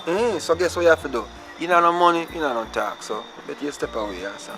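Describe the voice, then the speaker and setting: Gravelly Jamaican man ranting loudly. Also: a little high, lively intonation, fast talker, over music, poor audio. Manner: loud, indignant ranting. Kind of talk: comedy sketch acting.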